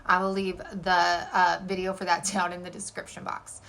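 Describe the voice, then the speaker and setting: Bright, bubbly woman DIY vlogger. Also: on the low side, flat delivery, normal speed, vocal fry. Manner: bubbly, rambling, lots of "like" and "y'all". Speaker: DIY craft channel host. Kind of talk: chatty craft tutorial voice-over.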